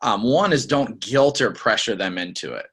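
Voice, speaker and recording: A man's voice: fairly low pitch, lively intonation, normal speed, fairly bright tone, husky. Casual man coaching sales reps. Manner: conversational, acts out customer and rep lines. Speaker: sales trainer. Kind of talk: casual training talk.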